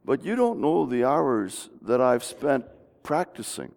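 Gravelly-voiced pastor in an echoing church. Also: male voice, mid-range voice, big pitch swings, a little slow, a little mellow. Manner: folksy, conversational with frequent restarts. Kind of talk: sermon. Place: church sanctuary. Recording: long reverb of a church hall.

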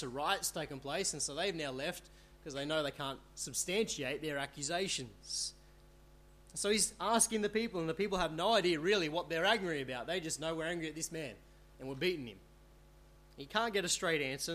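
A man's voice: on the high side, a bit bright. A man preaching a Bible sermon, reading verses aloud and asking rhetorical questions. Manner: earnest, rhetorical tag questions. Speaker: pastor. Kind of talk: expository sermon.

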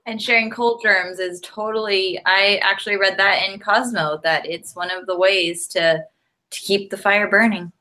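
A woman's voice: mid-range voice, fairly even intonation, normal speed, bright, forceful tone. A woman co-hosting a casual chat show, easygoing, laughing often and leaning on "like" as she talks. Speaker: podcast co-host.

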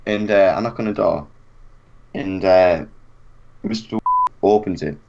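A young man telling an animated anecdote in casual chat, acting out what people said and laughing often. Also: deep voice, measured pace, creaky. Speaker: storyteller. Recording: dull lo-fi recording.

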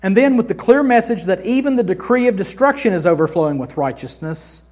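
A man preaches in a slightly high voice, mixing chatty humor with dramatic storytelling. He swings between booming declarations and hushed, intimate asides. The delivery is that of a sermon with a conversational feel. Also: expressive, a little fast. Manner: dramatic, acts out scripture scenes with big swings from loud to hushed. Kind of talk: sermon teaching.

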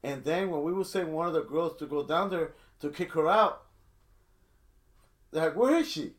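A man's voice: a little high, moderate pace. Rambling middle-aged man telling a story. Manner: rambling, many restarts, acts out quotes. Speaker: storyteller guest. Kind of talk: casual storytelling.

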